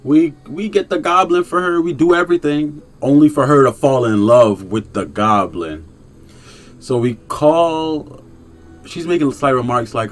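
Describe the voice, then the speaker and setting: A young man casually reviewing a video game in a laid-back, slangy way, chuckling and breaking into excited rants. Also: on the low side, moderate pace, a little hiss or hum.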